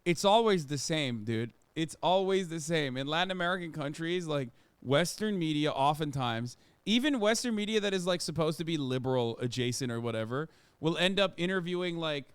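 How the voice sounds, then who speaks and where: A man's voice: on the high side, animated, fairly quick, hardly any pauses, clear, resonant tone, dry recording. A man streaming casual commentary, sarcastic and swearing freely.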